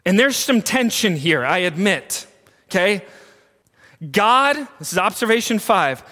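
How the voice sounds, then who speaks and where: Male preacher, emphatic, poses questions to the room; unhurried delivery, echoing hall. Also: high-pitched, very animated, pushed and bright. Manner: emphatic, asks the congregation questions. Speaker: pastor. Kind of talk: sermon.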